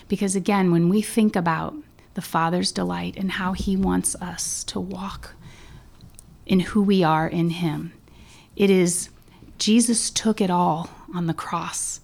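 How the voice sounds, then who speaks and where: A woman's voice: lowish voice, a little slow, vocal fry. A woman co-hosting a casual faith podcast, asking questions and telling stories with animation. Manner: animated storyteller, leads the discussion with questions. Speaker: podcast co-host.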